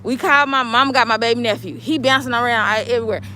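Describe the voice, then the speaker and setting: A woman vlogging outdoors on a city street while waiting for a bus, telling a story in an animated, emphatic, colloquial way. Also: on the high side, fast, noisy background. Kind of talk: casual storytelling vlog.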